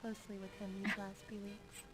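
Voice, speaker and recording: A woman's voice: mid-range voice, flat delivery, fairly quick, over music, close to an everyday voice. A woman voicing a catty, sugary teen girl. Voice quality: sweetly sarcastic. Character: catty rich teenage girl, socially sharp.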